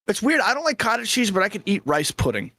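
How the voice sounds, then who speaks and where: A man chatting as a podcast guest, starting and restarting his sentences and laughing easily. His voice sits a bit high and moves around a lot. The recording is dry and close. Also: sing-song, quick pace, sharp tone, no echo. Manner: hesitant restarts, laughs easily, casual swearing. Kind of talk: casual podcast chat.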